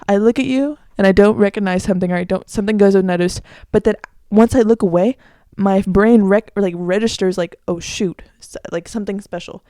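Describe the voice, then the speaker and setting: A woman's voice: mid-range voice, fairly quick, hardly any pauses, dark tone, no echo, clean studio sound. A young woman hosting her own podcast, chatting casually and with strong opinions, full of "like" fillers, into a microphone. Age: young adult. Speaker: podcast host. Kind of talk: casual solo podcast chat.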